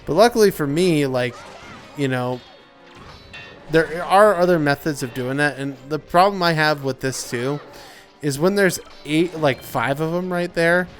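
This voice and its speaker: A young man giving casual, rambling gameplay commentary, tired and yawning, with lots of filler words. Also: medium pitch. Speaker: let's play commentator.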